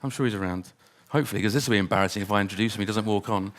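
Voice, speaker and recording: A man's voice: on the low side, very fast. A man hosting a conference, introducing the next speaker on stage in an upbeat, chatty way. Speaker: conference host.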